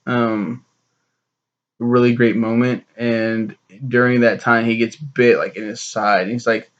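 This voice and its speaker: A young man giving a rambling, profane, animated spoken review of a TV series, like a casual home video. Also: medium pitch, measured pace, dull audio.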